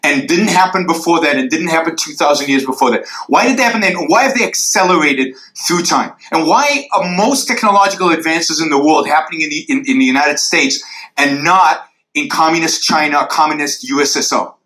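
A man answers a question after a lecture, emphatic and forceful in a high, bright voice, sketching graphs in the air and pressing his case with rhetorical question after rhetorical question. He speaks briskly, and the room sounds roomy and echoey, like a lecture hall.

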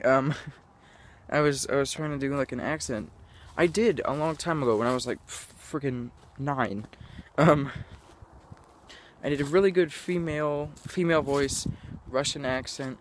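A young man vlogs outdoors in a casual, meandering way, laughing at himself and forgetting what he meant to say. His voice sits at an ordinary middle pitch for a man, recorded on a camera mic with faint noise and some outdoor ambience behind him. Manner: scattered, self-mocking, laughs often. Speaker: vlogger. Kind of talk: rambling casual vlog. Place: outdoors in sunlight.

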